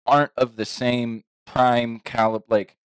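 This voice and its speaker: A man's voice: medium pitch, flat delivery, measured pace, smooth, no room sound, clean studio sound. A man who is a guest on a podcast, giving opinions in casual chat and often talking over the others.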